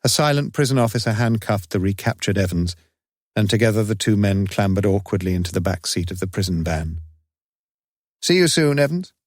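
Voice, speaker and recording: A man narrates a crime story in a measured, even way, his voice sitting low. The recording is dry, with no room sound around him. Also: no room sound. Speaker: audiobook narrator. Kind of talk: scripted narration.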